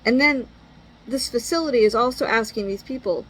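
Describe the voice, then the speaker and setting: A woman's voice: on the high side, brisk, fairly bright tone, breathy edge, rough recording. A middle-aged woman venting in an exasperated, blunt monologue and swearing freely. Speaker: parent venting.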